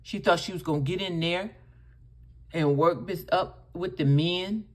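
Low-voiced woman scolding in her commentary. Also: unhurried. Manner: scolding, emphatic, addresses the other speaker directly. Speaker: reaction channel host. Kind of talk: reacting to clips with commentary.

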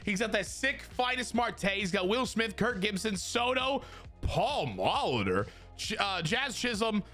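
A man giving casual, excitable commentary over his own video game match, swearing and trash-talking the opponent as he plays. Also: sits high, a little slow, faint music behind. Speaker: gaming channel host.

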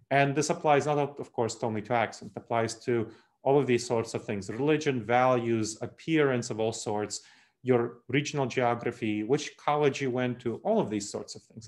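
A man giving a presentation on unconscious bias, emphatic and lively, with small laughs and asides. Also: medium pitch. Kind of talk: presentation talk.

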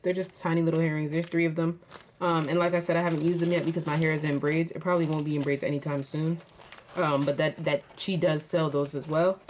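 A chatty woman with a slightly low voice, showing off gifts to her viewers. She talks casually and calls them y'all. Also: a little mellow, a little hiss or hum. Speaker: vlogger. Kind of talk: casual unboxing chat.

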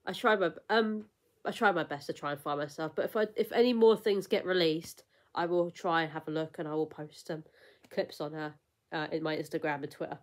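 Young woman vlogger, low-ish voice, rambling, emotional casual chat. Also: steady tone, brisk. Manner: rambling, emotional, with frequent fillers and laughs.

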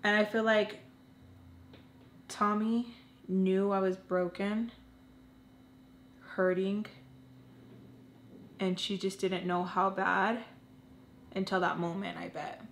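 A woman's voice: medium pitch, flat delivery. Earnest woman telling a story, roomy. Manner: halting, full of "like" and restarts; earnest and emotional. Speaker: storytelling vlogger. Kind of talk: casual storytime. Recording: roomy room with faint hum.

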